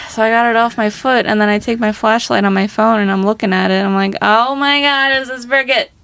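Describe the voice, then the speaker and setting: A woman's voice: medium pitch, little pitch movement, a little fast, creaky, smooth. A young woman co-hosting a podcast, telling a story in casual chat. She rambles, swears a lot and laughs between phrases. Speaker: podcast co-host.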